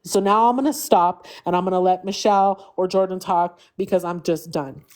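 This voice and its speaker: A woman's voice: lowish voice, steady tone, normal speed, darkish tone. A young woman venting on a live stream, emotional and pleading, with frequent fillers.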